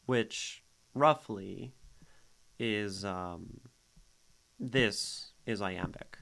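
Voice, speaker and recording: This streamer reads and critiques poetry in a casual chat, voicing the beats aloud to show the rhythm and laughing a lot. His voice is on the low side and a bit bright, animated yet unhurried, with many pauses. He hums through the poem's rhythms as he hosts.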